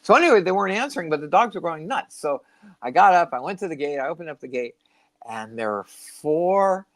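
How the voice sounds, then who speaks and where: A man's voice: fairly high pitch, expressive, fairly quick, fairly bright tone. An older man, co-host of a spiritual talk show, telling rambling stories in casual chat and now and then losing his train of thought. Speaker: podcast co-host.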